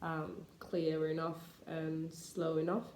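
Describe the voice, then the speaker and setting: A woman teaching English pronunciation, talking slowly and deliberately with frequent hesitations. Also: deep voice, little pitch movement, a little mellow, echoey room, slight background noise. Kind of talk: pronunciation lesson to camera.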